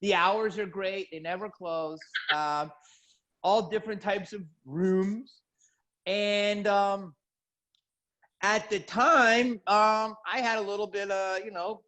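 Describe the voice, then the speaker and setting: A man, a comedian, telling an animated comic story over a video call with drawn-out pauses. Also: sits high. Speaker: comedian guest.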